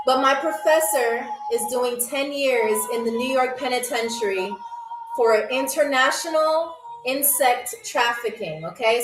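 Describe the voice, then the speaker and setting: A woman hosting a live-streamed game show, joking and reading viewer comments, often tagging lines with "okay?" and "all right". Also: high-pitched. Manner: playful, jokey, reads viewer comments aloud. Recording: roomy echo, faint music.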